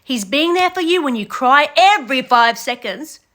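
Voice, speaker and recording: Young female commentator, high and bright, blunt scolding rant. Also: expressive, normal speed. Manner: blunt, scolding, addresses the contestant directly. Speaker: reaction commentator. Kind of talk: ranting reality show commentary.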